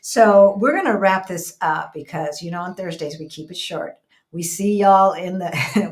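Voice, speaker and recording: A middle-aged woman from the United States talks through a casual co-hosted conversation. Her voice sits a little low for a woman. She tells stories in an animated, conversational way. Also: moderate pace. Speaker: co-host. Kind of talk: casual chat.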